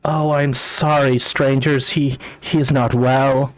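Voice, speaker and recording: A man voicing a kind, elderly human woman who nurses a confused old man, gentle and apologetic. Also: mid-range voice, little pitch movement, slow pace, no echo, natural voice, poor audio.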